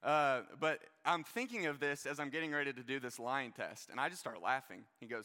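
A man's voice: mid-range voice, fairly quick, hardly any pauses, sharp tone. A young man giving a casual, joking sermon to a live audience, full of stories and filler words like "like" and "you guys". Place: large hall with a live audience. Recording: long hall reverb.

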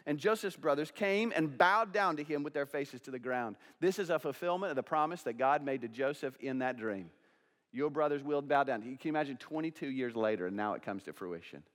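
A man's voice: mid-range voice, expressive, a little fast, a bit bright. A male pastor preaching a sermon, asking rhetorical questions and acting out both sides of dialogues. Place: church sanctuary. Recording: church sanctuary with long reverb.

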